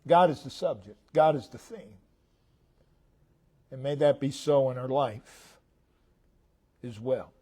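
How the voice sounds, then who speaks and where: An American man preaching a sermon, slow and emphatic, repeating short phrases and swinging between loud declarations and hushed tones. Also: medium pitch.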